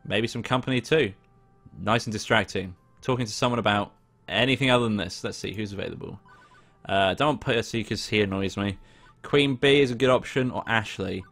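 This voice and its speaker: A man's voice: fairly low pitch, fairly bright tone. Casual young man reading a game aloud. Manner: casual, swears, laughs at himself. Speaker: let's play host. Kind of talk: reading a visual novel aloud with commentary. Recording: faint background music.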